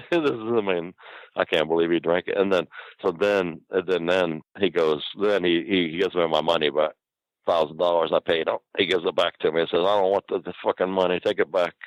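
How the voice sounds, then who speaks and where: A man's voice: sits low, no room sound, poor audio. An older man, a guest, telling a rambling, profane anecdote in casual chat and laughing as he goes.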